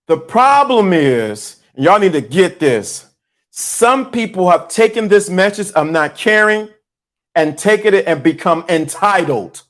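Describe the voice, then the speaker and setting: High-voiced man preaching to his chat. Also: lively intonation, unhurried, a bit bright. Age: 50s. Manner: preachy, repeats lines for emphasis. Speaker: host. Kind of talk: motivational talk to a live chat.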